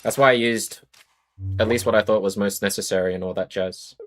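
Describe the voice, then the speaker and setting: Casting note: young Australian man, lowish voice, casual streamer patter between plays. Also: fairly even intonation, fairly quick, slight background noise. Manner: chatty, greets chat viewers, thinks aloud about moves. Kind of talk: casual live-stream commentary while playing a card game.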